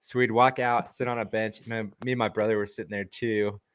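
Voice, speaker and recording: A laid-back young man with a fairly low voice, chatting casually on a livestream. His tone stays dry and easygoing, and the sound is close and dead. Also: little pitch movement, a little fast, fairly bright tone, dry recording. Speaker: livestream co-host, crystal maker.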